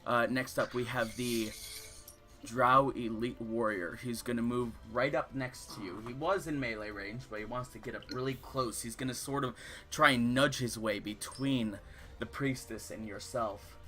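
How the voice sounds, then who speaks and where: A young man narrating as dungeon master, describing the fight in lively detail and calling for rolls. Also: medium pitch, moderate pace, faint music behind. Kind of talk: narrating a tabletop game.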